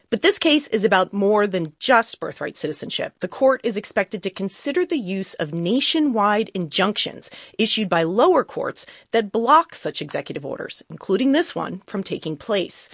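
A woman hosting live special news coverage on radio, introducing guests and asking questions in a measured anchor voice. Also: medium pitch, no room sound, clean studio sound. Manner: clear, measured anchor delivery. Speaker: news host.

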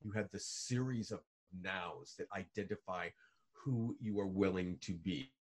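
A man telling stories as a guest in a video call interview, lively, with many restarts and fillers. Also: low voice, a little slow, husky. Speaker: guest, author and speaker.

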